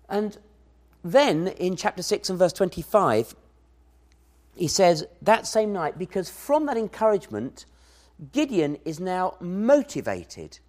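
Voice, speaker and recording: A man preaching a sermon, telling a Bible story in an animated way and acting out the voices he quotes. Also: high-pitched.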